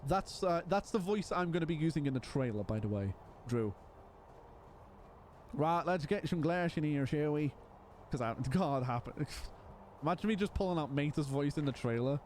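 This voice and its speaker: Animated man streaming a game. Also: on the high side, moderate pace, slight background noise. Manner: rambling, restarts, animated. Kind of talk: casual live-stream chat while playing.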